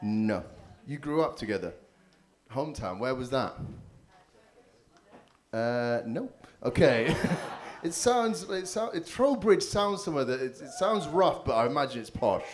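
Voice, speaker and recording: A man hosts a live comedy show at a venue full of people, holding a handheld stage mic and teasing the crowd with crude, cheeky banter as stand-up crowd work. His voice is medium-pitched and animated, his pace a little slow.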